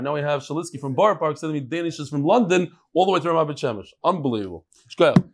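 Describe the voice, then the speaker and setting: A man's voice: fairly high pitch, creaky. A man teaching a casual religious class to a live audience, joking and bantering with the room between lessons. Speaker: rabbi teaching a daily class. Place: study hall with a live audience.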